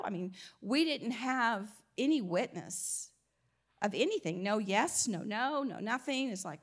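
A woman's voice: fairly high pitch, animated, normal speed. A woman with a slight Southern US twang giving an informal Christian teaching, chatty, restarting her phrases and laughing often. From American South. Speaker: Christian speaker.

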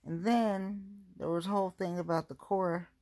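A woman's voice: lowish voice, fairly even intonation, normal speed, warm tone. A woman from the Cincinnati area chatting casually in a rambling, self-mocking vlog at home, firing off exasperated rhetorical questions. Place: at home, going through belongings.

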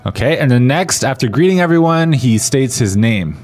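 A man's voice: medium pitch, animated, normal speed, a little mellow. A man explaining phrases conversationally in a podcast language lesson. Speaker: language teacher.

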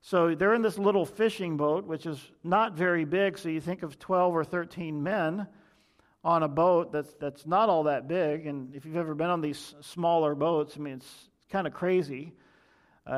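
A male pastor delivering a sermon in a voice pitched somewhat above the usual for a man. He teaches in an explanatory way and often turns to the congregation with rhetorical questions.

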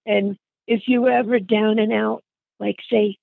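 An older woman talks through memories in a chatty way, calling the listener hon and honey as she goes. Her voice is gravelly, with a worn grain to it. The sound is tinny and phone-like, close and dry with no room around it. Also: medium pitch, fairly even intonation, measured pace, dry recording. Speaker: interviewee. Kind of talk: reminiscing conversation.

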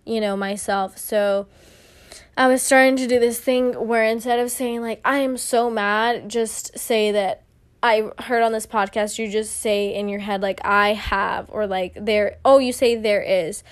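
Her voice is medium in pitch, measured in pace and fairly even in intonation as this young woman narrates a story alone on her podcast. The telling is chatty and filler-heavy, with quoted exchanges acted out.

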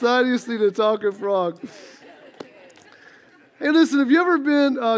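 A man preaching a sermon, folksy and storytelling as he rallies the congregation. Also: extremely high pitch. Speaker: pastor. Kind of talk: sermon with announcements and stories.

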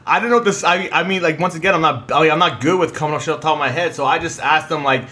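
A man co-hosting a casual podcast, telling stories in an animated, profane way. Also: a little high, quick pace. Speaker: podcast co-host. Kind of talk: casual chat.

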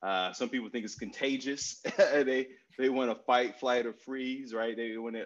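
A man in his forties answering a question in a relaxed interview, telling stories and repeating key phrases with many fillers. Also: mid-range voice, moderate pace, hardly any pauses, dull audio. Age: 40s. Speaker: guest speaker on mental health.

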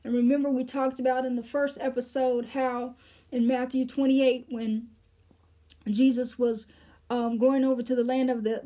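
Woman Bible teacher, high mellow voice, patient explainer with "um"s between Greek word breakdowns. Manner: explanatory, breaks down Greek words, frequent fillers.

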